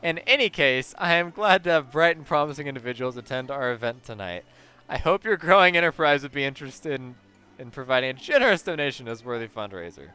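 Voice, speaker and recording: A man's voice: mid-range voice, expressive, brisk, bright, forceful tone, clean tone. A man voicing a pompous, self-satisfied factory owner in his sixties who hosts a gala, speaking in formal, flowery phrases. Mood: apologetic. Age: 60s. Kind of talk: reading game dialogue aloud.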